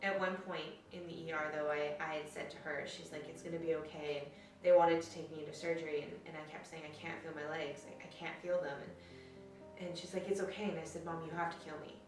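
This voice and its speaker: A young woman from Canada with a low voice recounts her own story in a loose, chatty way and slips into quoted dialogue. The recording sounds very echoey and picked up from a distance, with faint music underneath. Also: fairly even intonation, brisk. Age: 20s. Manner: casual, conversational, many fillers and quoted dialogue. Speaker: interviewee. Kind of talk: personal story told to camera.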